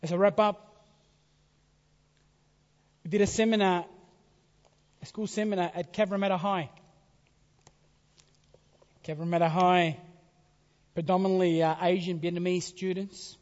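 A man with a high-pitched voice delivers a sermon, swelling to loud emphasis and then dropping to near-whispers. The sound is dull and muffled, carried by a long hall reverb. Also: fairly even intonation, a little slow, pauses often. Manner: dramatic swings from loud to hushed whispers. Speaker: preacher.

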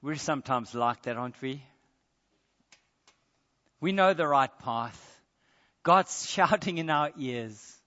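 A man's voice: mid-range voice, animated, slow pace, pauses often, sharp tone. A man preaching a sermon in a church, speaking emphatically, repeating phrases and asking the congregation rhetorical questions. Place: church, large hall. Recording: dull recording in a reverberant hall.

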